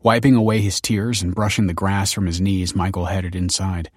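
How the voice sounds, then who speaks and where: A man narrating an audiobook chapter in a measured, even storytelling manner. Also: deep voice, no echo, clean studio sound. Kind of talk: scripted narration.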